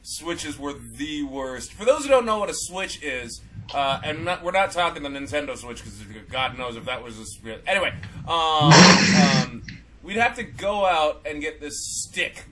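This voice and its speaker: Rambling bright-voiced man. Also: a little high, animated, normal speed, a little hiss or hum, poor audio. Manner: rambling, many fillers and restarts. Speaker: podcast co-host. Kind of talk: casual podcast chat.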